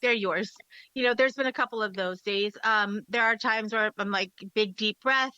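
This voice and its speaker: A woman's voice: mid-range voice, normal speed, pushed and bright, smooth, no room sound. A woman, a mother of sons, candidly telling funny family stories as a podcast guest. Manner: candid, laughing storyteller. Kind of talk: casual podcast chat. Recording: dull, dry sound.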